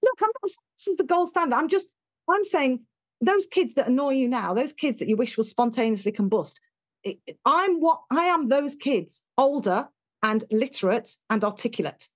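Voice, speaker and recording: A British woman talking in an interview, telling stories in an animated, emphatic way and acting out what people said. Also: high voice, normal speed. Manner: animated, emphatic storyteller who acts out quotes. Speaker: interview guest, education speaker. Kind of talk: conversational interview.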